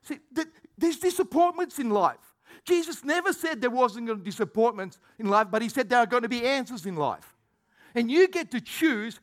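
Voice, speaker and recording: A high-pitched man preaching a lively sermon. He acts out the voices he quotes and swings from shouts to low, quiet asides. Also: normal speed. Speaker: pastor.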